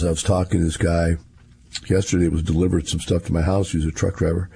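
A man's voice: low voice, little pitch movement, quick pace, creaky, mellow, husky. A man, rambling through a casual monologue in a folksy storytelling way.

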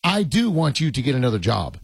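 A man with a gravelly, slightly husky voice hosts a sports radio show, his pitch leaping around as he rambles and jokes. The sound is dry and close, with no room around it. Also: sing-song, fairly quick, no room sound. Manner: joking, rambling, laughs often. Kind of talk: casual sports radio chat.

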